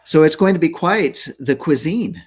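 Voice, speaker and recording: A man hosting a faith-based talk show, chatting playfully and excitably with his co-host. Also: on the high side, moderate pace, slightly rough. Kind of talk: casual chat.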